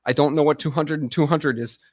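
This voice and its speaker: Slightly high and steady, this man's voice runs a little fast as he hosts a casual live stream. He's an army veteran in his thirties who rambles and curses while speaking straight to viewers, recorded in studio quality with no echo.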